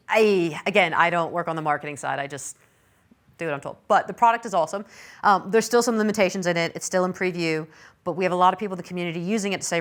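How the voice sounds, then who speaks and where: Woman, middle-aged, conference speaker, lower voice, chatty, self-deprecating. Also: fast, a bit bright. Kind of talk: technical conference talk.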